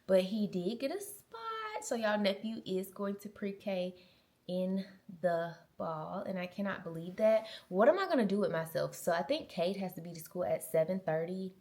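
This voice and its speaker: A mom vlogger in her twenties chats casually and animatedly to a small handheld camera, saying "y'all" and "girl." She has a mid-range voice and speaks at a moderate pace.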